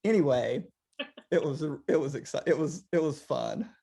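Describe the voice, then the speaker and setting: Rambling, animated man potter. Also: fairly high pitch, normal speed, vocal fry, husky. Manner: rambling, animated, lots of restarts. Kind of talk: casual video call chat. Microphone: video call.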